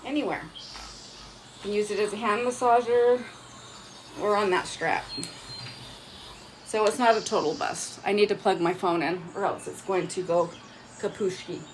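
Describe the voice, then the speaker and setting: Casual woman vlogger, mid-pitched, chatty and rambling, live demo at home on a phone. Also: unhurried, long pauses, a little hiss or hum, poor audio. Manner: chatty, rambling, self-mocking.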